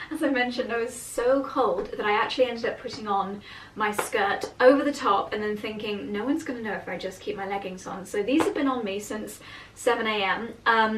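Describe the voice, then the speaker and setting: A woman in her thirties chatting casually to camera in a vlog, gushing and enthusiastic about what she shows. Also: on the high side. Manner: gushing and chatty, coos at a dog. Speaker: vlogger. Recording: slightly distant mic with faint noise.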